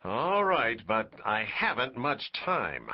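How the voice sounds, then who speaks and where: Man doing a curt impatient editor, husky voice, lively pitch, muffled recording. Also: takes it slowly, full character voice. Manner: peremptory, brusque. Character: impatient, curt big-city male newspaper editor.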